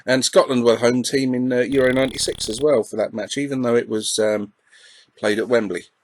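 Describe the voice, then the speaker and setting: A man's voice: mid-range voice, fairly even intonation, brisk, a little hiss or hum, poor audio. Chatty middle-aged Englishman with an Essex accent. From England. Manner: chatty, self-deprecating, many ums and uhs. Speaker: retro gaming YouTuber. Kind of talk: casual gameplay commentary.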